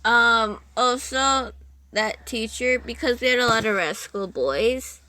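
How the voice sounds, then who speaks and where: A young woman with a bright, fairly high voice rambles through casual chat as a podcast guest. She giggles, restarts and interrupts herself as she goes. The recording is dry and close. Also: slow, dry recording.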